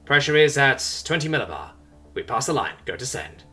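Procedural male launch technician in a sci-fi audiobook, voiced by a man, bright, lively. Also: mid-range voice, brisk, full character voice. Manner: crisp, procedural.

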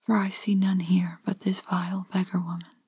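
A woman's voice: lowish voice, flat delivery, normal speed, darkish tone, slightly rough, no echo. Woman whispering as a scornful proud boy. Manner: cold and haughty. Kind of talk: whispered role-play.

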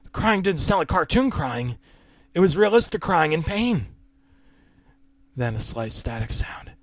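A man's voice: a little high, no room sound. A man reading a horror story aloud, casual and wry, sometimes dropping to a whisper. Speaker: narrator.

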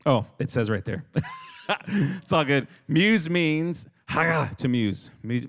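A man preaching a lively youth sermon who acts out everyday scenes and has the crowd repeat words after him. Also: fairly high pitch, slow pace. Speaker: youth speaker.

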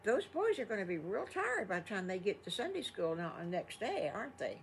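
A woman's voice: mid-range voice, wildly swooping pitch, brisk, a little hiss or hum. A grandmotherly older woman spinning a made-up bedtime story, folksy and chatty. She talks straight to the children, slipping in little asides along the way.

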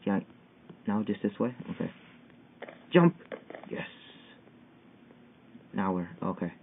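A young man giving excitable, frustrated commentary while playing a parkour game, yelping at each failed jump. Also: lowish voice, slow pace, gravelly. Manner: excitable, yelping and whining at failures. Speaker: gamer. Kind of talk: gameplay commentary. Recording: tinny phone-like mic with faint hiss.

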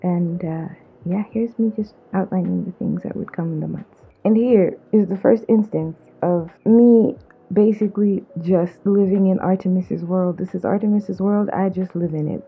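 A woman's voice: lowish voice, slight background noise. A woman from Zambia narrating her own vlog in a casual, playful, self-mocking way. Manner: playful, self-mocking, drawn-out slang asides. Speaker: vlogger. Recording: muffled phone-like mic.

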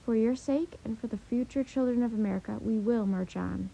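A woman reading the lines of a stern grown male army general in a formal, measured way for a storybook. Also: on the high side, creaky, mellow, breathy edge. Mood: solemn. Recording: dull lo-fi audio.

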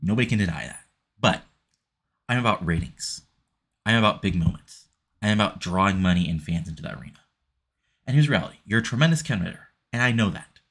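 A brash wrestling TV executive lectures about ratings and earning your shot, as read out by a man recapping his game. The voice is low and a touch husky, salesy and pushy. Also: lively intonation, fairly quick, pauses often, a bit bright, heavily acted. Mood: lecturing.

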